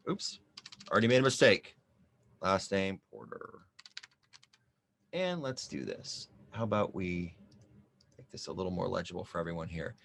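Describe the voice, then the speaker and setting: A man's voice: low voice, sing-song, normal speed, creaky, pauses often, a bit bright, a little hiss or hum. A man walks through an online application in a screen-share tutorial. He jokes and thinks aloud as he types. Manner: chatty and joking, thinking aloud while typing. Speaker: small business advisor demonstrating an application.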